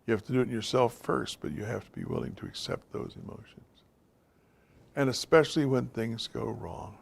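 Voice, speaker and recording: A man's voice: medium pitch, a little fast, vocal fry, a little mellow, breathy edge. A man giving an informal, direct talk to a class of men, speaking to them plainly as guys and fellas. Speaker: teacher of a men's class.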